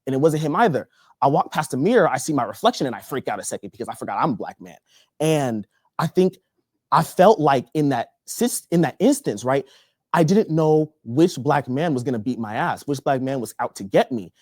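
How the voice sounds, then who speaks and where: A young man from Texas doing stand-up comedy, telling a story in an animated, profane way. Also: mid-range voice, a little fast, dry recording, clean studio sound. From Texas, USA. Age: young adult.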